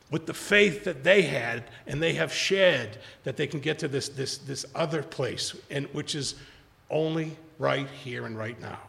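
A man telling his recovery story to a large audience, rambling with many restarts, speaking quietly and rising when he urges the crowd. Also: a little high. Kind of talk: personal testimony talk. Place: large hall before an audience. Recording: long hall reverb, gravelly.

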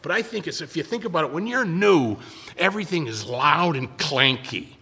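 An older man tells his recovery story in casual talk, rambling, stammering and stopping to restart again and again. His fairly high voice is animated, sharp and breathy at moderate pace, and a long hall reverb surrounds it.

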